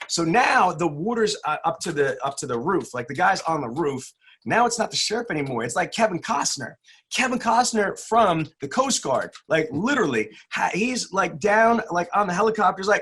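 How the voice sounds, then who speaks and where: A man's voice: high-pitched, very animated, moderate pace, a bit bright, husky. A man chatting on a podcast and telling a joke, talking directly and animatedly about car sales. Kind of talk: casual podcast chat.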